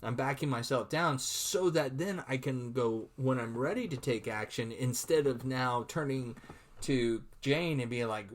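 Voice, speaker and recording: A male lecturer talks through a recorded online lesson in a loose, conversational way. He often stumbles over and repeats words, and voices his own inner thoughts as he goes. His voice sits at an ordinary middle pitch. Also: unhurried, fairly bright tone.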